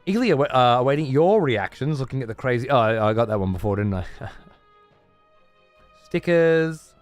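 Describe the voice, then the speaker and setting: Man, streamer, casual chat, heavy profanity, blunt, rambling, medium pitch, faint background music. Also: lively intonation, moderate pace, no room sound.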